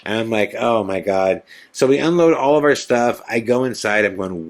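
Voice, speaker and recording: A middle-aged man hosting a podcast, telling a long personal story and acting out the dialogue with sudden shouts at the peaks. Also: fairly low pitch, a little slow. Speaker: podcast host. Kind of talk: storytelling monologue.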